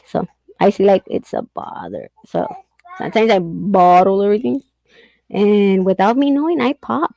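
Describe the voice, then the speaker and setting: A woman's voice: medium pitch, big pitch swings, fairly quick, creaky, warm tone, dry recording, rough recording. A middle-aged woman chatting candidly and casually, swearing and laughing often as she talks. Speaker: host. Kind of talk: casual chat.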